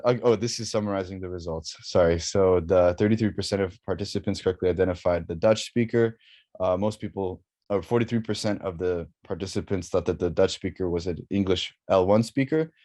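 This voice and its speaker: A man's voice: low voice, moderate pace, dark tone. A young man, an undergraduate student, giving a research presentation, hesitant with many fillers, restarts and apologies. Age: young adult.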